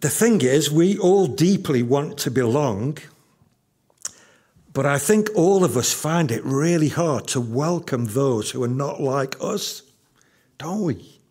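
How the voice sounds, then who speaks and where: Male pastor in his fifties, unhurried sermon delivery with emphatic repetition. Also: on the high side, expressive, a little mellow. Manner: slow, emphatic, repeats key lines.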